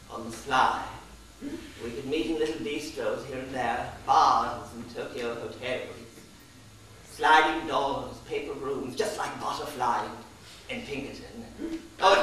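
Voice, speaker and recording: A man's voice: mid-range voice, a little slow, fairly bright tone, slight background noise, lightly acted. A man voicing a charming, flirtatious British male tourist who is a chef, in an airy, flirtatious manner. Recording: very echoey hall, distant mic.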